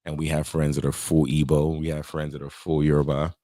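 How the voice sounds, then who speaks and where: A man's voice: a bass voice, little pitch movement, dark tone, no echo. A man from Nigeria co-hosting a casual podcast chat, joking and laughing as he tells stories. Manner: joking, quick to laugh, playful storyteller. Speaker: podcast co-host.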